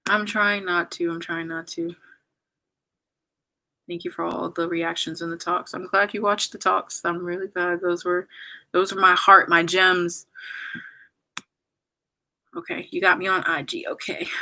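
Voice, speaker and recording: Young woman on a goodbye livestream, teary and apologetic, kinda low but bright voice. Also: flat delivery, normal speed, low-quality recording. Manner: emotional, apologetic, rambling with many fillers. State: holding back tears. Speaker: YouTuber saying goodbye on a livestream. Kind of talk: casual livestream chat reading comments.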